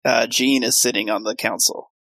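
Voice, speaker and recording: A man's voice: mid-range voice, fairly even intonation, moderate pace, gravelly, bright, forceful tone, dry recording, rough recording. A man chatting casually on a podcast in a laid-back way. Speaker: podcast co-host. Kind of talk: casual chat about comics.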